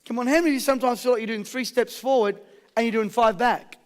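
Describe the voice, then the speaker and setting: Aussie guy pumping up a seminar crowd, high voice, keeps firing questions at them. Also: fairly even intonation, quick pace. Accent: Australian. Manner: high-energy, rallying the crowd with questions and call-and-response. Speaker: motivational speaker. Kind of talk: motivational seminar talk to a live audience.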